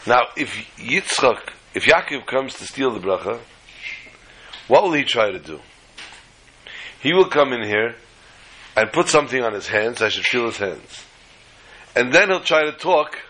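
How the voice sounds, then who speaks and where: A man teaching a Torah class, telling the story in a lively way and acting out the dialogue. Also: medium pitch, unhurried, pauses often, a little hiss or hum, poor audio. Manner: animated storytelling, acts out dialogue.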